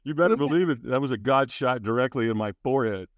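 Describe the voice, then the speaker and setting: A man's voice: medium pitch, lively intonation, quick pace, muffled recording. A man in his sixties, a podcast guest, frankly and earnestly recounting his life, with fillers, restarts and acted-out quotes. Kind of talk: candid personal storytelling in an interview.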